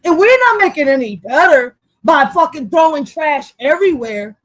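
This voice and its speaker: A high-pitched young woman rants on a livestream, animated, profane and heated. The recording is dry and close, with almost no room sound. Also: moderate pace, no room sound, poor audio. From Philadelphia. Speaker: vlogger. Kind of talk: livestream rant.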